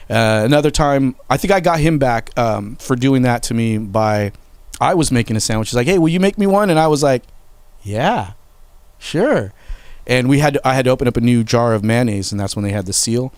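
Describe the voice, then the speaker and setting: A man's voice: mid-range voice, fast, clear, resonant tone, no room sound. A middle-aged man hosting a podcast, telling candid, emotional family memories in casual talk and swearing freely. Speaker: podcast host. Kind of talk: casual storytelling.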